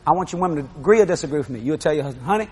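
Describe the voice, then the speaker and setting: An older man preaching a sermon, animated, shouting and laughing as he acts out scenes. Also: a little high, very fast, husky.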